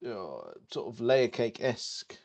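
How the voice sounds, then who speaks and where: A man's voice: medium pitch, huge pitch swings, a little slow, gravelly, a little mellow. A man co-hosting a podcast, dry and hesitant, reading out quiz statements. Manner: dry, hesitant with frequent ums. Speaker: podcast co-host. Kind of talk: casual chat, quiz host.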